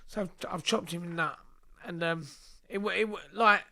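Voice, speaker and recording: Man, guest, casual storytelling, sweary, rambling, high-pitched, bright. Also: steady tone, creaky. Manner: blunt, sweary, fast and rambling with restarts.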